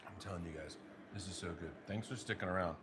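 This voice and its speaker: A man's voice: low voice, fast talker, background noise. A young man from the United States chatting casually while plating food in his home kitchen, talking to his partner and viewers. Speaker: cooking vlogger. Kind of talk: casual cooking vlog.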